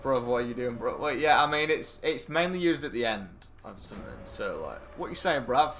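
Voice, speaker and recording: A man chats casually while streaming a strategy game, rambling and excitable and quick to swear. His voice sits at an ordinary middle pitch. Soft music plays faintly behind him. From England. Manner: rambling and excitable, swears freely, talks to friends on a call. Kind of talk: casual chat while gaming.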